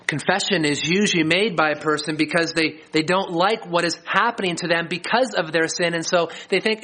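A middle-aged man preaching a sermon as a pastor, earnest and slowing down to stress key lines. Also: on the high side, steady tone, pushed and bright. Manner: earnest, slows for emphasis.

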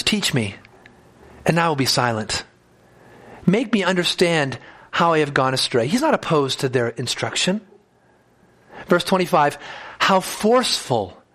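A man delivers an expository sermon in a higher-pitched voice. He reads a verse, then explains it in plain words. When he speaks the text's lines in first person, his voice climbs with emphasis. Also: fairly bright tone. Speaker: preacher.

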